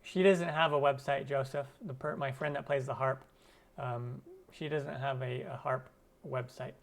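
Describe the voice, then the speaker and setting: A man's voice: medium pitch, fairly even intonation, moderate pace, gravelly. A man hosting a cooking channel's live stream Q&A, chatting loosely with viewers and using many fillers. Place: lives in Arizona.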